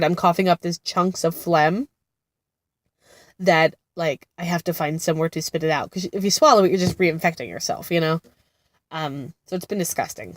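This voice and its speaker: A woman in her thirties who sounds sick and congested rambles and laughs through a casual chat, using many fillers. She's a vlogger and mother of two, seated in a car-like space outside a therapy center. Her voice sits on the low side, and the recording is dry and close with no room sound.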